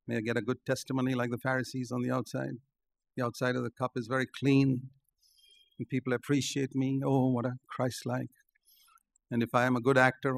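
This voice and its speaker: Gravelly emphatic preacher. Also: male voice. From India. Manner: emphatic, rises to stressed points then drops low. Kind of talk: sermon.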